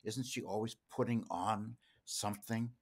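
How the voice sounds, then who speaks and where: A man's voice: fairly low pitch, fairly even intonation, unhurried, slightly rough. A man co-hosting a podcast, analyzing a classic film and putting probing questions to his co-host. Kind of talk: casual film discussion.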